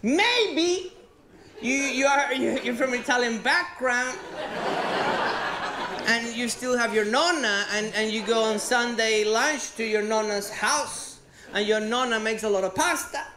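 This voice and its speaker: A man from Venezuela with a Venezuelan accent and Spanish as his first language, performing a sweary, animated stand-up routine on stage. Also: extremely high pitch, measured pace, a crowd in the background. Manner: animated, swearing, rising to exclaim. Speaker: stand-up comedian. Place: stage in a comedy venue with live audience. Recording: roomy live venue sound.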